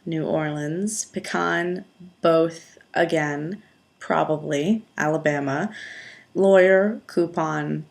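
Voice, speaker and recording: A woman's voice: sits low, gravelly. A young woman from from there, chatting casually and self-deprecatingly through a challenge vlog into a webcam mic at home. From upstate New York. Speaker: vlogger.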